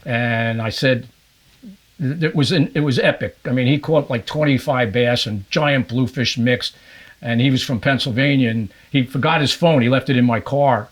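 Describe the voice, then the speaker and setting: Speaking at a moderate pace in a medium-pitched voice, this older fishing guide from New Jersey guests on a podcast. In the casual interview he spins animated anecdotes, imitating the voices of the people in them.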